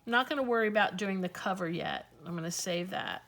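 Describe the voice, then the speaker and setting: A woman's voice: mid-range voice, animated, fairly quick, gravelly, fairly bright tone, slight background noise. A woman hosting a casual crafting tutorial, chatting and thinking aloud as she talks through each step.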